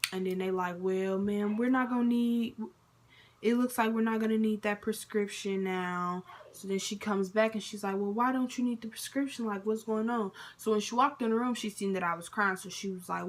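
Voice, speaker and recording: A young woman casually telling a personal story to camera, full of fillers like "basically" and "like" and acted-out dialogue. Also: mid-range voice. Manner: chatty, lots of fillers and quoted dialogue. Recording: faint background noise.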